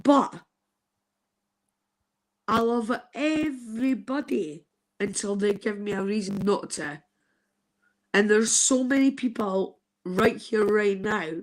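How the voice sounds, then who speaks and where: A woman's voice: mid-range voice, slow, long pauses. A woman in her fifties gives an earnest, heartfelt testimony on a live stream, swearing casually as she talks. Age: 50s. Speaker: guest sharing a personal testimony.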